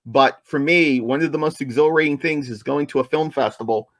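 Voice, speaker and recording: A man's voice: a little high, fairly quick, a bit bright, no echo. A man co-hosting a podcast, talking in an enthusiastic, casual way and repeating his points for emphasis. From New Jersey, USA. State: coughing, apologizes for it. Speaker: podcast co-host.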